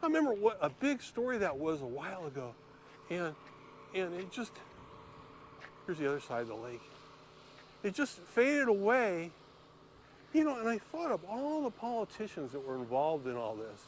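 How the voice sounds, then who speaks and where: A man's voice: high-pitched, huge pitch swings, moderate pace, pauses often, a little hiss or hum. Rambling man filming a vlog outdoors. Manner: rambling, hesitant, many fillers and restarts. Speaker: YouTube vlogger. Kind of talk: casual walking vlog. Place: outdoors by a lake. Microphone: handheld camera while filming.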